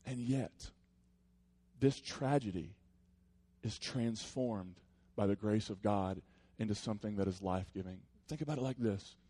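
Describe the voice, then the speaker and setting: A man's voice: lowish voice, unhurried. Earnest man preaching a conversational sermon. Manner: conversational, earnest, with soft reflective passages. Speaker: pastor.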